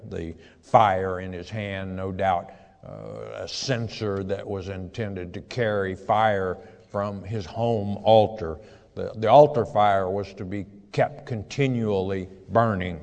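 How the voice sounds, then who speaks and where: A male preacher reads scripture slowly and deliberately, adding short asides of commentary. His voice sits low, and a long reverb trails each phrase as if he were in a large hall. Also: steady tone, darkish tone. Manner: measured, deliberate reading with asides. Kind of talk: sermon reading scripture with commentary.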